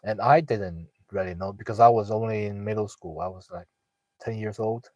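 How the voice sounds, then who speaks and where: Man, lowish voice, dry close sound, halting casual storytelling. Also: a little mellow, dry recording, muffled recording. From northeast China. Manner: halting, many fillers and restarts. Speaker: guest sharing a personal story.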